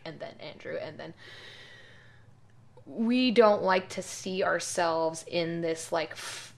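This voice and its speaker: A woman with a lowish, gravelly voice, speaking as a guest in a casual podcast chat. She explains her views in an articulate, opinionated way. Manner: opinionated, articulate, laughs easily. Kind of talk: casual conversation.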